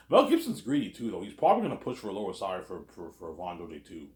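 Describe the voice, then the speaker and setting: A man's voice: deep voice, wildly swooping pitch, quick pace, a little mellow. A man hosting a casual, rambling commentary, repeating the same filler phrases again and again. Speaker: host. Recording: roomy echo.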